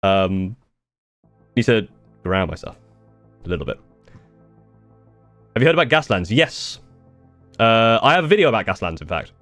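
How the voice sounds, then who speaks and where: This young man from the United Kingdom talks on a live stream with a lowish, sing-song voice at normal speed, pausing often. He answers viewer questions casually and ramblingly, restarting and swearing now and then. His tone is a bit bright, with no room sound and soft music in the background.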